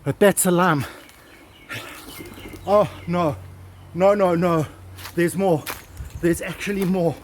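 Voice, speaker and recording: A man hosting a vlog outdoors at old stone ruins, excitedly exclaiming and repeating himself into a handheld camera mic. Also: high voice, slow pace, long pauses, a little hiss or hum. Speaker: vlog host exploring ruins. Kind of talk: excited on-the-spot vlogging.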